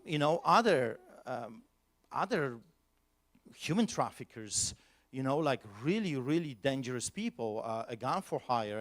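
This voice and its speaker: A male pastor with a mid-range voice tells a personal story at a conference. He speaks in an animated, emphatic way, breaking into sudden loud bursts.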